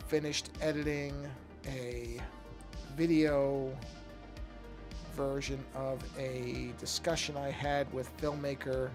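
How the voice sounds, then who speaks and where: A man's voice: medium pitch, level tone, slow, over music. A middle-aged man chatting casually on a live art stream as he paints, thinking aloud with many restarts and yawning now and then. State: yawning often. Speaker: artist streaming his work.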